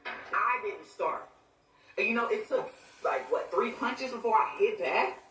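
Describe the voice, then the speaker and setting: An irritated woman vents on a livestream, breaking off to speak to someone beside her. Her voice sits at an average pitch and sounds roomy, picked up from a distance, with faint noise behind. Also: lively intonation, unhurried, bright, forceful tone. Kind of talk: livestream rant. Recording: echoey room voice from a distance.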